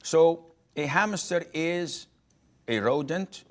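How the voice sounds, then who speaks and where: Slow, halting man giving a lecture. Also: fairly high pitch, expressive. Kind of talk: religious lecture.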